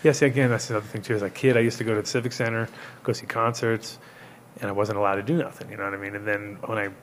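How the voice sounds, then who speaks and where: A man's voice: lowish voice, level tone, very fast, a little hiss or hum. A man from Rhode Island hosting a show, telling rambling, laughing stories in casual, swearing chat. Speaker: host.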